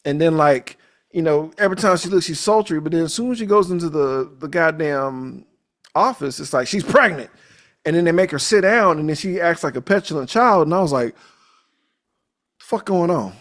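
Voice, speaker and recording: A man hosts a podcast, recapping a movie with animated, jokey, profane storytelling. His voice sits on the high side and moves fairly quickly.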